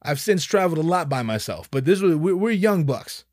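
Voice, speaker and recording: A man telling a personal anecdote in an animated, profane, emphatic way. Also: on the high side, fairly quick, no echo, studio quality. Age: young adult. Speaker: storyteller.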